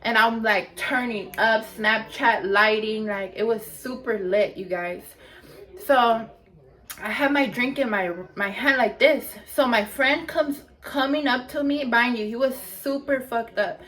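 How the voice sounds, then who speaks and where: A woman's voice: a little high, measured pace, fairly bright tone. A young woman vlogger telling a storytime in a chatty, casual way, full of filler words and swearing.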